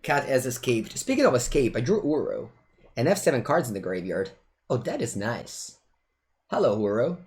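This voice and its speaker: His mid-range voice swings widely in pitch at a normal speed while he plays a digital card game. The man gives chatty, playful live-play commentary, pausing to talk to his cat.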